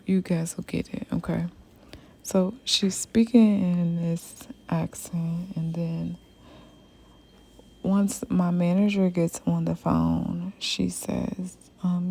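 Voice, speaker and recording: Young woman, low-pitched and slow, casual rambling storyteller with many fillers. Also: gravelly, mellow. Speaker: hairstylist telling a story.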